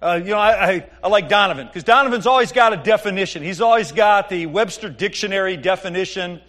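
This middle-aged male pastor talks quickly in a high, slightly bright voice. His sermon is conversational, weaving scripture readings together with jokey family stories.

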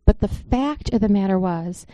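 A woman delivers an informal sermon in a relaxed, storytelling manner. Her voice is mellow and dark, and it sounds close and dry, with no room echo. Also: mid-range voice, normal speed. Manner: conversational, storytelling, earnest. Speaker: church speaker.

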